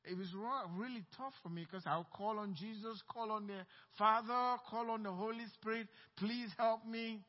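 A man's voice: sits high, moderate pace, few pauses. A male pastor preaching a sermon with impassioned delivery and personal storytelling. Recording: dull sound with long hall reverb.

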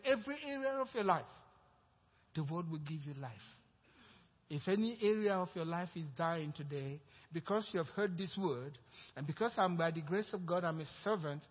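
A pastor preaching a sermon, rising into loud emphatic passages and calling out to the congregation for responses. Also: male voice, high voice, slightly rough. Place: church. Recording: reverberant church hall, dull lo-fi sound.

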